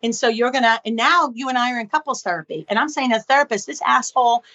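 Lively woman, muffled recording. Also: on the high side, fast talker. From Boston area. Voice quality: expressive, acts out dialogue in voices. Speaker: guest. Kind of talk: animated podcast explanation with acted-out anecdotes.

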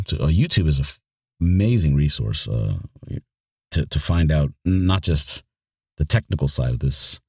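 With a very deep, mellow voice carrying a breathy edge, a man who narrates audiobooks talks casually in an interview. He rambles, frequently restarts sentences, and repeats words; the studio recording is clean with no room sound.

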